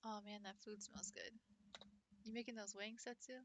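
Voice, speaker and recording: A woman's voice: medium pitch, little pitch movement, moderate pace, a bit bright, slight background noise. A young woman, a French teacher, chatting casually with her stream viewers, talking loosely with many "likes" and laughing often.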